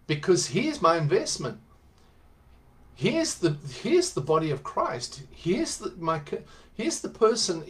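A man's voice: high voice, wildly swooping pitch, moderate pace. A man preaching, telling a personal story in a conversational way that builds to emphatic exhortation. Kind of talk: sermon storytelling.

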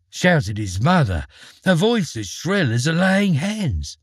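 A man tells a fairy tale with expressive, dramatic storytelling. His voice is husky and slightly raised, and it rises and falls widely, recorded close and dry. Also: a little high, takes it slowly, dry recording. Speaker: narrator. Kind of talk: storybook narration.

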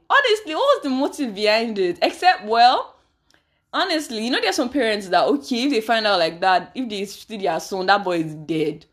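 A woman's voice: a little high, sing-song, normal speed. Young woman, solo podcast host: chatty, dramatic, exclamatory, self-deprecating. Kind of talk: casual podcast monologue.

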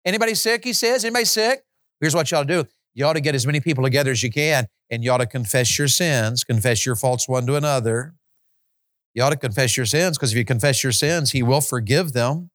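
Guy preaching, y'all this y'all that, goes loud and high then drops low, dry close mic. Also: fairly quick, dry recording. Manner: animated, swings from loud high exclamations to low quiet stretches; rhetorical questions to the congregation. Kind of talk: sermon.

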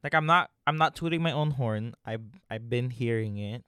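A man's voice: mid-range voice, normal speed, bright, forceful tone, clear, resonant tone, dry recording, clean studio sound. A young man from the Philippines with a slight Filipino accent, co-hosting a casual podcast chat, joking and swearing freely. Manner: joking, swearing, laughs often. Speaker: podcast co-host.

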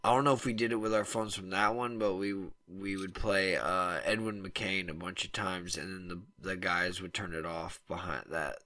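A man's voice: low-pitched, steady tone, moderate pace, hardly any pauses, sharp tone, no room sound. A man in casual podcast chat, laid-back and trailing off with fillers.

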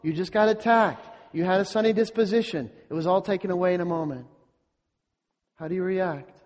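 A middle-aged man preaches with a notably high voice, earnest and emphatic, driving his points home through repetition and rhetorical questions. His sermon rings through a long, echoing church hall. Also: brisk, darkish tone. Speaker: pastor.

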